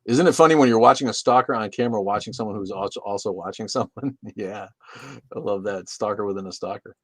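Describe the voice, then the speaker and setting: Low-voiced guy on a livestream reading chat, swearing and joking, dry close mic. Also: fast talker, no echo. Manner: profane, joking, loose.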